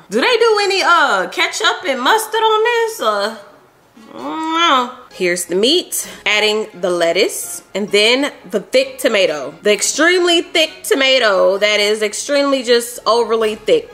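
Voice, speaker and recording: A woman's voice: a little high, bright, forceful tone. A young woman vlogging in her home kitchen, chatting casually and animatedly while she cooks, with plenty of slang. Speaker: cooking vlogger. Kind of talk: casual chat while cooking.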